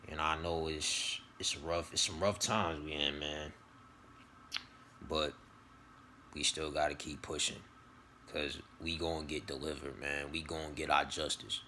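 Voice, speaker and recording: Deep-voiced man rambling casually with slang. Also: sharp tone, slight background noise. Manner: rambling, slang-heavy, profane, repeats himself. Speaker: vlogger giving spiritual advice. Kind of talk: casual motivational monologue.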